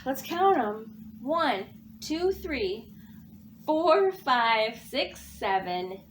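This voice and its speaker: A woman reading a picture book aloud for children, counting along and gasping with animated emphasis. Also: high voice, drawn-out words, a little hiss or hum. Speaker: children's librarian. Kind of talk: children's storytime read-aloud.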